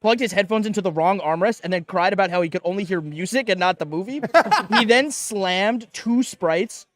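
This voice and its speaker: A man with a fairly high voice recounts a comic anecdote on a live show. He talks in an animated, playful way and slips in quoted asides. The sound is dry and close. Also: moderate pace, no room sound. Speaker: panel guest. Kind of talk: casual storytelling on a live panel show.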